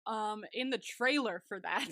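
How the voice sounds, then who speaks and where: Young woman, podcast co-host, gushing casual recap chat, bright tense tone, dry close sound. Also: mid-range voice, measured pace, no echo. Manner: gushing, chatty, heavy use of "like".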